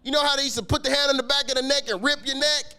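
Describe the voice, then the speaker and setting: Dude with a real high bright voice telling a wild school story, slangy, cussing a lot. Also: male voice, very fast. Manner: animated, slangy, swears often, acts out scenes. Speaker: podcast guest telling a story. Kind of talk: casual street storytelling.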